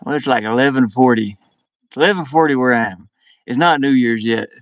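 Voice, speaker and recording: A man's voice: mid-range voice, brisk, dry recording. A young man chatting casually to his live-stream viewers from inside his van, rambling, laughing often and restarting his words.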